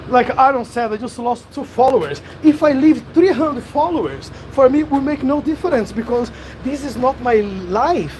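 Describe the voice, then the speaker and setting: A woman vlogger with a Brazilian accent speaks straight to her followers, earnest and a little defiant. Her voice sits on the higher side. Vehicle noise runs clearly behind her. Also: moderate pace, hardly any pauses, a little mellow, rough recording. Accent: Brazilian Portuguese. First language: Portuguese. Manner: earnest and frank, a bit defiant. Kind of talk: casual direct-to-camera talk.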